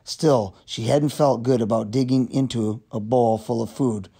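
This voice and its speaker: A man's voice: mid-range voice, unhurried, slightly rough. Man reading a children's novel aloud. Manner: steady storytelling narration. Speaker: reader.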